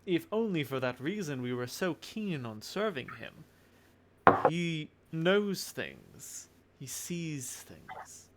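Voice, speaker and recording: A man voicing a suave, cryptic male schemer in a tabletop game, with a smooth, knowing delivery. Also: on the high side, sing-song, slow, background noise, exaggerated voice. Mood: assured.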